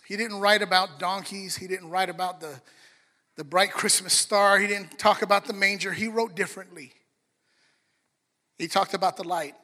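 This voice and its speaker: A man's voice: high-pitched, steady tone, normal speed, pushed and bright. A middle-aged man preaching a sermon, telling a story animatedly and speaking directly to the congregation. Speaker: pastor. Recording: long hall reverb.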